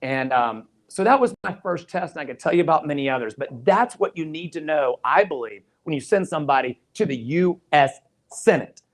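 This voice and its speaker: A man's voice: fairly high pitch, expressive, fairly quick. A man giving an earnest campaign stump speech. He retells past conversations in quoted dialogue and drives his points home with repeated phrases. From Georgia, USA. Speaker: political candidate.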